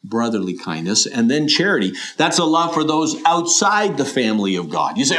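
A man's voice: mid-range voice, very animated, normal speed, hardly any pauses, fairly bright tone. A middle-aged man preaching a sermon in an earnest, questioning way, often voicing imagined listeners. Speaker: pastor.

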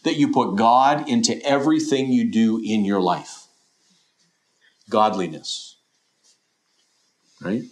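A man's voice: on the low side, slow, pauses often. A middle-aged man preaching a sermon in an earnest, questioning way, often voicing imagined listeners. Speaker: pastor.

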